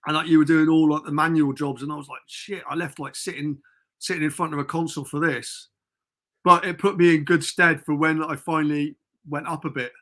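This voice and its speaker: A man's voice: on the high side, flat delivery, fairly quick, bright, forceful tone. A middle-aged man from England, a podcast guest telling rambling stories in casual chat over a remote call. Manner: rambling storyteller, chatty and informal.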